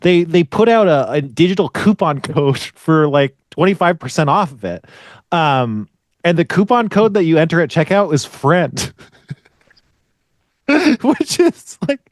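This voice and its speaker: A man co-hosting a podcast, casually thinking out loud with lots of fillers and restarts and frequent laughs. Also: fairly high pitch, lively intonation, a little slow, dry recording, clean studio sound. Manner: laughs often while talking. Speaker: podcast co-host. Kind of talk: casual conversational commentary.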